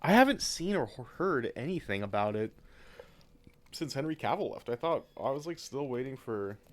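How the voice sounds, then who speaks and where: A man's voice: mid-range voice, very animated, moderate pace. A young man hosting a podcast in a casual, rambling way, swearing and mocking himself often. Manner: rambling, self-mocking, swears and laughs a lot. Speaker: podcast host.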